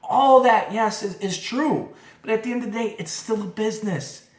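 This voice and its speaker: A man's voice: sits high, moderate pace. A man hosting a casual podcast, giving his opinions in a fired-up monologue with lots of restarts and asides. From moved to Philadelphia as an adult. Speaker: podcast host. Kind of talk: casual sports talk monologue. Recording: roomy echo.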